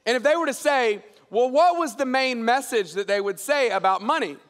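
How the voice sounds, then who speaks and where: A middle-aged male pastor preaching a sermon, telling stories with lively acted-out dialogue. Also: normal speed. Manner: animated storyteller acting out dialogue in a lowered voice. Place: large church auditorium. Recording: long hall reverb.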